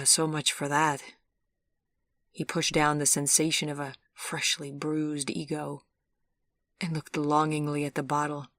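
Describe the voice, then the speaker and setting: A woman narrating an audiobook in a calm, even storytelling manner. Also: low voice, dry recording, studio quality. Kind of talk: scripted narration.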